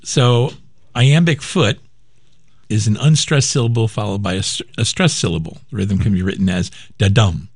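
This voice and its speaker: A man's voice: on the low side, normal speed, dry recording. Easygoing man back-announcing songs on air. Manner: easygoing, lists credits, playful. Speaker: radio show host. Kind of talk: casual radio chat, back-announcing songs.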